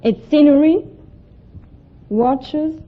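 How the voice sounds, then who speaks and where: A woman's voice: high-pitched, drawn-out words. A woman from Switzerland, a French speaker, giving short, blunt answers as a quiz show contestant. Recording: muffled old broadcast with hiss.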